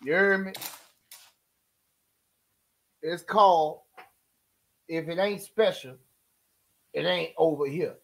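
A man doing loud comic commentary, mocking and taunting. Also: on the high side, slow pace, creaky, long pauses, poor audio. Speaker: comedy commentator. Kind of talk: loud comic trash talk.

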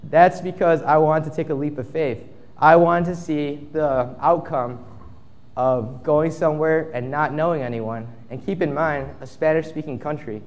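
A man's voice: on the high side, steady tone, moderate pace, a little mellow, long reverb tail. A young man in his twenties giving a casual storytelling talk at a conference, acting out the quotes in his story. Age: 20s. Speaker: conference speaker. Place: conference stage.

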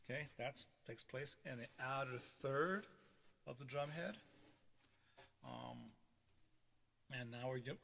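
A man's voice: medium pitch, creaky, bright, forceful tone. A man teaching a live-streamed beginner drum lesson, explaining hand technique step by step and checking in with a frequent "okay". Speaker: drumming teacher. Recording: roomy reverb with drum sounds behind. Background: drumming between phrases.

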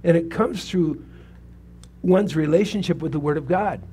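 A man's voice: fairly high pitch, moderate pace, dark tone, slight background noise. A man in his seventies, a pastor preaching a sermon with a personal testimony, talking conversationally and putting questions to the congregation. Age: 70s. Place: church sanctuary.

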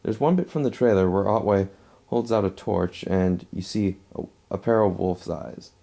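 A man's voice: low voice, normal speed, gravelly, dark tone. A man giving a casual movie review, rambling and restarting his phrases as he talks at home.

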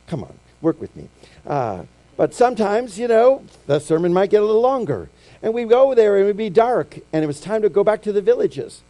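A middle-aged man preaching a sermon, telling stories and acting out quotes, swinging from loud to hushed. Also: sits high. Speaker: pastor.

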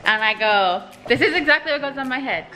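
A woman's voice: high voice, expressive, fairly quick, sharp tone, faint music behind. A young woman vlogging casually to the camera, chatty and playful, often giggling. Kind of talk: casual vlog chat to camera.

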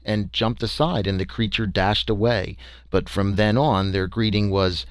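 A man's voice: on the low side, moderate pace, no room sound. A man reading a story as a first-person audiobook narration, in a folksy, conversational way with small hesitations.

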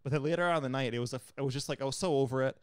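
A man's voice: medium pitch, rapid-fire, clear, resonant tone, no echo, studio quality. A young man co-hosting a podcast, telling a story in casual chat, swearing often and acting out what people said. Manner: profane, animated storyteller acting out quotes. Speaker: podcast co-host.

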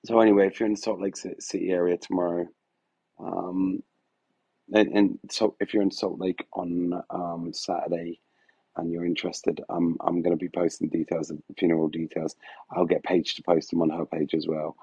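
A man's voice: low voice, little pitch movement, moderate pace, creaky, a little mellow, breathy edge, no echo, lo-fi sound. A man hosting a live stream, talking in a hesitant, rambling way full of fillers, his voice turning emotional at moments. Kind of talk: casual live-stream chat. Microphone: phone.

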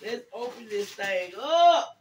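A woman's voice: fairly high pitch, lively intonation, takes it slowly, a little mellow. Grateful older woman, roomy and distant. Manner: religious, praising God often; grateful, calls viewers y'all. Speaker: vlogger. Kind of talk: casual gift-opening vlog. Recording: echoey room, far from mic, faint noise.

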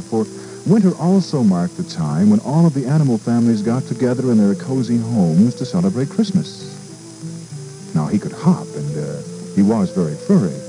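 A man, a radio DJ, reading a storybook aloud in a gentle, unhurried way, with fillers and small asides. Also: mid-range voice, rough recording.

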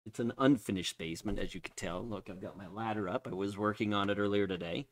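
A man's voice: lowish voice, quick pace, slight background noise. A man chatting casually while streaming a game from his unfinished basement, laughing often and joking at himself. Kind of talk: casual live-stream chat.

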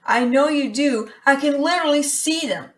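A woman's voice: high voice, normal speed, a bit bright, echoey room, recorded from a distance. A woman voice actor performing a romantic audio role-play, teasing and incredulous as she questions the listener.

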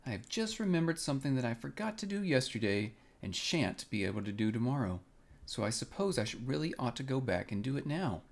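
A man voicing a small, timid male piglet who talks in anxious, hurried excuses. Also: mid-range voice, big pitch swings, creaky. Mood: flustered.

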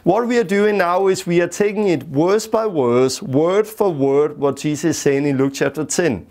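A man leading a Bible lesson, returning to the same key words again and again for emphasis. His phrasing is plain and simple, with small grammar slips, and he keeps the pace of a steady classroom talk. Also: on the high side, normal speed. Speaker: Bible teacher.

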